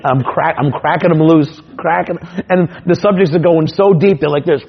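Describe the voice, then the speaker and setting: A man who works as a stage hypnotist, teaching his technique through comic stories in an animated way, repeating himself and restarting his sentences. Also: on the high side, creaky, dull audio, slight background noise. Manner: animated, repetitive, quick restarts.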